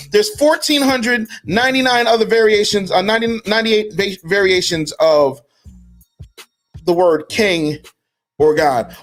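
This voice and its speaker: High-voiced man ranting with mocking taunts. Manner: mocking, profane, swings between low mutters and high shouted taunts. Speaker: commentary host. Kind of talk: heated social media commentary.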